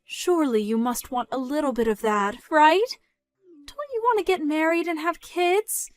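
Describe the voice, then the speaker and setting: A woman's voice: moderate pace, no room sound, close to an everyday voice. A woman voicing a scornful, controlling mother. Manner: mocking, loud, rising in pitch when scolding. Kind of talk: dramatized story narration.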